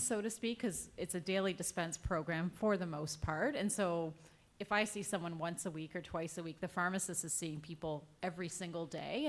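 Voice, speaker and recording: Wry, lower-voiced woman telling a story. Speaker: clinician panelist. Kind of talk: conference panel anecdote.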